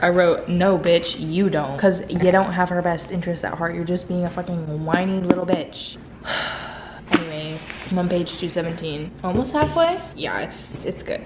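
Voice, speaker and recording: A woman's voice: medium pitch, noisy background. A young woman chatting through her reactions to a book as she reads it, sometimes dropping to a whisper and swearing freely. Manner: chatty, frequent swearing, excitable, drifts to soft whispers. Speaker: book vlogger. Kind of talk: casual reading reactions to camera.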